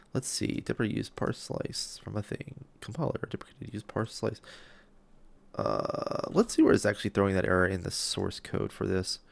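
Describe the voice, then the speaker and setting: A man's voice: lowish voice, vocal fry. A man streaming live as he codes a game, thinking aloud and muttering to himself, sometimes dropping to a whisper, loopy and self-deprecating. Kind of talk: live-stream coding talk.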